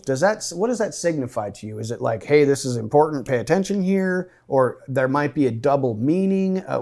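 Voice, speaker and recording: A man teaching a small Bible study group, his voice sitting at an ordinary middle pitch. He poses questions to the room and to people online, then thinks out loud about the passage. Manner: questioning, inviting, thinks aloud. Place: meeting room with online participants.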